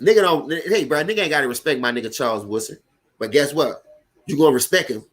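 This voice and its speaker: A high-voiced man with a New Orleans accent talks loud and fast over a live football game. He swears freely as he reacts to the plays and answers his viewers by name in an easygoing, animated way. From Louisiana. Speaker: sports stream host. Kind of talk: casual live sports commentary.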